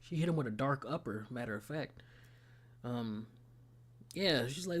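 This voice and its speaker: Dude reacting to a game trailer, super casual slang, hyped and laughing a lot. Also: male voice, mid-range voice, a little slow, breathy edge. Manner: slangy, excitable, laughs often. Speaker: gaming streamer reacting to a trailer.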